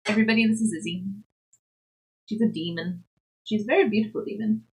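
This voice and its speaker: A young woman livestreams, chatting loosely with her viewers as she knits. Her voice is soft and breathy, at a middle pitch, and she giggles often and talks to her cat as readily as to her chat. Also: fast, long pauses. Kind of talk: casual chat with live chat while knitting.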